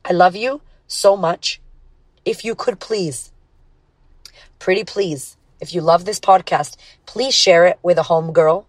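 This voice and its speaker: Unhurried and blunt, a woman hosting a podcast gives a relaxed motivational talk in a lowish voice, stressing her points and cursing frequently. The recording has no echo.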